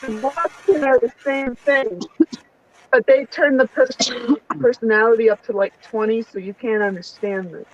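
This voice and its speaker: A woman's voice: fairly high pitch, normal speed, slight background noise. A young woman chatting casually with her mother, teasing and swearing freely. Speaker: daughter of the host. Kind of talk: casual chat. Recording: dull muffled sound.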